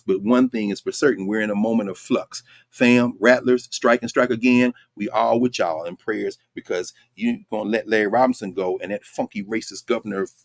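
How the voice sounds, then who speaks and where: A man's voice: lowish voice, no echo, clean studio sound. A man hosting a lecture-style commentary show, talking emphatically and conversationally and putting rhetorical questions to his listeners. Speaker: host.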